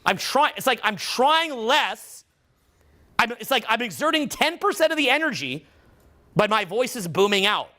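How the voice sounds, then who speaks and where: A man coaching a live workshop in front of students, talking in an animated way and acting out loud demonstration voices as he explains. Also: extremely high pitch, normal speed. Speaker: vocal coach.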